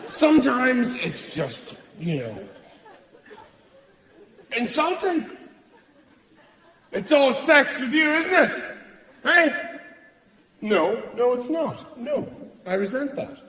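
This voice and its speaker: A man's voice: extremely high pitch, sing-song, slow pace, long pauses, a bit bright, a faint crowd. A middle-aged man performing stand-up on a theatre stage, rambling and mock-indignant. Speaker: stand-up comedian. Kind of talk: stand-up routine. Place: large theatre stage before a live audience. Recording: echoey hall with audience laughter.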